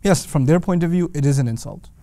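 A man lecturing on the Quran's wording who asks lively rhetorical questions and slips into Arabic recitation. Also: on the high side, fast, dry recording. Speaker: Quran teacher.

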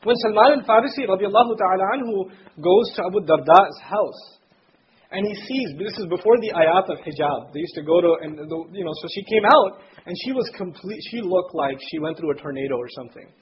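A man's voice: sits high, lively intonation, fairly quick. A man giving a conversational religious lecture to students, explaining scripture terms in plain everyday speech. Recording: dull lo-fi recording with faint noise.

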